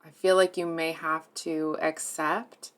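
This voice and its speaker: A woman with a low, soft voice walks her viewers through a tarot reading. She speaks hesitantly, circling back and filling pauses as she searches for words. Her tone stays earnest and deeply moved. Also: level tone. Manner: soft, hesitant, many fillers and restarts. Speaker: tarot reader.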